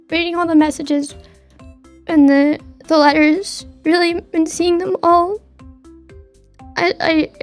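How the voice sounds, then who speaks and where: A young woman streamer chatting casually from her desk at home, stammering and repeating words as she talks heartfelt. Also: very high voice. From Canada. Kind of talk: casual chat.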